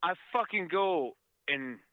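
A man's voice: on the high side, lively intonation, no echo, phone-quality sound. A man telling travel stories in casual chat, rambling and swearing with many fillers. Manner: rambling, profane, halting with fillers.

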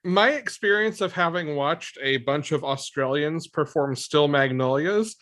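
A podcast co-host in a casual movie discussion, making wry, deadpan jokes. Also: medium pitch, measured pace.

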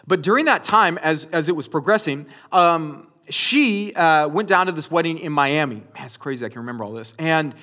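A man's voice: fairly high pitch, expressive, normal speed, few pauses, bright, forceful tone. A man preaching a sermon in a conversational storytelling way, often speaking to his listeners as you guys. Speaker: pastor.

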